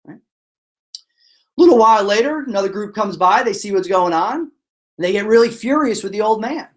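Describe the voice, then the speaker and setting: A man presenting a motivational webinar, telling stories in a lively way and acting out the voices of the characters. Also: sits high, fairly quick. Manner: animated storyteller, acts out voices. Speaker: motivational speaker.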